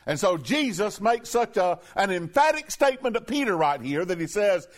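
A man preaching a sermon, passionate, declaiming scripture slowly and dropping low for emphasis. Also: very animated. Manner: impassioned, rising and falling sharply for emphasis; reads scripture in a slow, declaiming voice.

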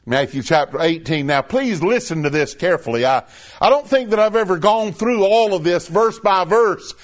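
Male preacher, high voice, earnest, emphatic, repeats phrases, sermon delivery. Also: expressive, normal speed.

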